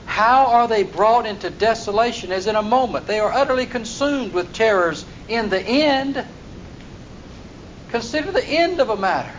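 A high-pitched man preaching, moving between solemn scripture reading and homespun explanation. The sound is dull and lo-fi. A faint hiss sits under his voice. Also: big pitch swings, moderate pace. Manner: reads verses in old-fashioned wording, then explains in plain folksy talk. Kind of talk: sermon reading and expounding scripture. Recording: dull lo-fi recording with faint noise.

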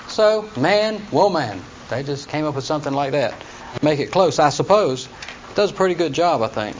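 A man's voice: fairly high pitch, lively intonation, normal speed. A man teaching a Bible study class, explaining plainly and reading scripture aloud to his students. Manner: explains plainly, reads scripture aloud in King James wording. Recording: dull lo-fi recording with faint noise.

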